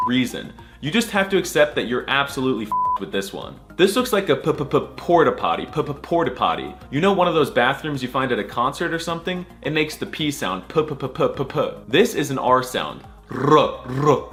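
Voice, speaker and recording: A man's voice: medium pitch, fairly bright tone. A man giving a sarcastic, crude mock alphabet lesson, drawing out letter sounds over and over. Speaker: comic language teacher.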